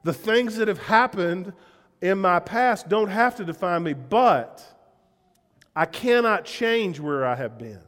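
Here the Southern US pastor moves at a slow pace, his high, light voice a bit bright, animated, earnest and emphatic in his conversational sermon. Long church-hall reverb follows his frequent direct questions to the congregation.

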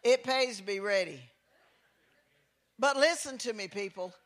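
A man preaching a sermon, telling folksy stories in an animated, preacherly manner. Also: high-pitched, a little slow. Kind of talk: sermon with storytelling.

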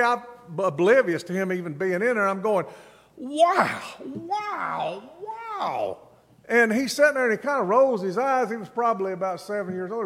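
A middle-aged man delivers a sermon in a notably high voice. He tells stories and repeats key phrases with dramatic pauses, and his words ring out with the long reverb of a large church hall. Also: fairly bright tone. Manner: storytelling preacher, dramatic pauses and emphatic repetition. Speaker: pastor.

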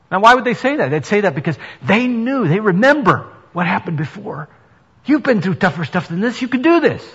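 Here a pastor with a fairly high, slightly bright, husky voice preaches in a church sanctuary, moving from earnest speech to emphatic delivery. The audio is dull and carries a long reverb, as in a hall.

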